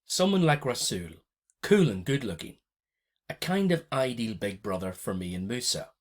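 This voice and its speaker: A man reading a children's novel aloud in a steady, measured way. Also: medium pitch. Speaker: audiobook narrator. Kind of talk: storybook reading.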